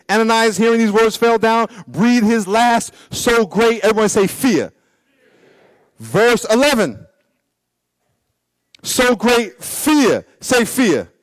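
High, animated man preaching a sermon. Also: no echo. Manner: animated, swings between loud exhortation and low asides; repeats words and phrases for emphasis. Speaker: pastor. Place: church.

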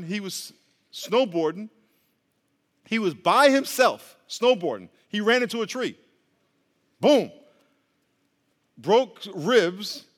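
A man's voice: high-pitched, a bit bright, big-room sound. A male pastor giving a casual, joking sermon, drawing the congregation into call-and-response.

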